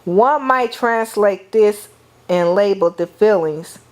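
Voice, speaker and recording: A middle-aged woman giving a lecture, speaking deliberately, calling on the class and often repeating or restarting phrases. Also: medium pitch, darkish tone.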